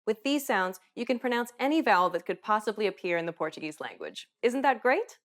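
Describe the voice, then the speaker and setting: A woman giving scripted narration for a pronunciation lesson, in a clear, even instructional delivery. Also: mid-range voice, brisk.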